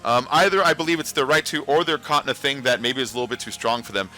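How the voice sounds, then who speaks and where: A man's voice: medium pitch, fast talker, bright, forceful tone, soft background music. A man hosting a casual livestream, rambling and talking back to his chat. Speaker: livestream host.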